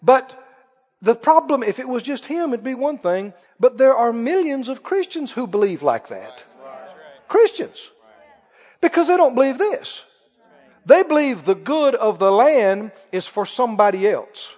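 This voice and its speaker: A man's voice: extremely high pitch, sing-song, moderate pace, a little mellow. A man preaching a sermon in a folksy, joking way, mocking critics with mock wails. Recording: reverberant hall, dull lo-fi sound.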